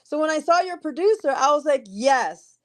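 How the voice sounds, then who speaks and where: A woman from New Jersey chats as a podcast guest, her voice sitting a little high. She tells stories freely and restarts her sentences often. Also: quick pace. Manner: chatty storyteller with many restarts. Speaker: podcast guest, ring announcer. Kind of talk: casual interview chat.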